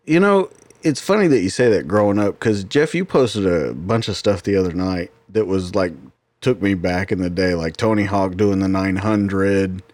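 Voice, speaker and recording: A man in his forties hosting a casual chat, self-deprecating and quick to laugh. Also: deep voice, darkish tone, no echo. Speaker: show host.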